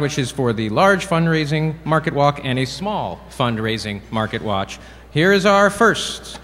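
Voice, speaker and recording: A man's voice: on the high side, fairly bright tone. A man presenting awards at a dinner, playful and wisecracking between announcements. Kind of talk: joking awards emcee. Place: large banquet hall. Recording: reverberant hall, crowd and noise behind.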